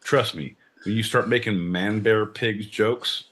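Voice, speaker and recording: A man's voice: a little slow, slight background noise. A man co-hosting a live podcast, joking and swearing in casual banter with big swings in his voice. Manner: profane, jokey, loud swings in pitch. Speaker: podcast co-host.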